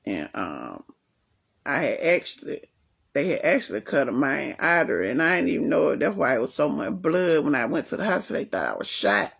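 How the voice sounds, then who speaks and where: A woman hosting a casual livestream from home, chatting and reading viewer comments while telling a story in a lively way. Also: deep voice, fairly quick, creaky, breathy edge. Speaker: livestream host. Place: at home, resting with leg elevated.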